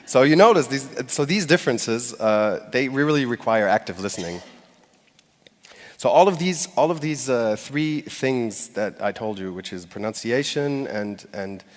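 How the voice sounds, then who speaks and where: A man speaks from a stage in a conversational way, turning to the audience as he goes. His voice sits at an ordinary middle pitch. A long hall reverb trails each phrase. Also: lively intonation, unhurried. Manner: conversational, addresses the audience directly. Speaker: speaker giving a public talk. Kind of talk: conference talk. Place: stage before a live audience.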